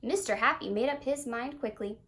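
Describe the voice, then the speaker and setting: A woman reading a children's picture book aloud in an expressive, singsong storytelling manner. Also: fairly high pitch, normal speed.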